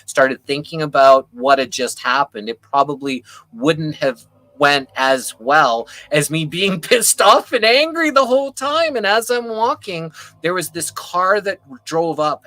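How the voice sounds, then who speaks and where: A man recounts a personal story in a loose, casual way over a video call. His voice is bright and edgy, and it climbs high when he gets heated. He swears freely and keeps the story rolling. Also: no echo, rough recording. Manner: animated, voice rising with anger, swears casually. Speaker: panel guest.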